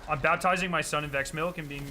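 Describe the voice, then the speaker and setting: Excitable, bright-voiced male game streamer. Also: a little high, quick pace, a little hiss or hum. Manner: excitable, profane, slangy. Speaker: gaming streamer. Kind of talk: casual chat over gameplay.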